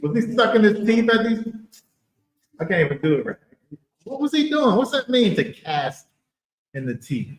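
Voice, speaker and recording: Animated man teaching scripture. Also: high voice, moderate pace, long pauses, echoey room, low-quality recording. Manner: animated, emphatic, rhetorical questions. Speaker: bible teacher. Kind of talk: livestreamed bible teaching.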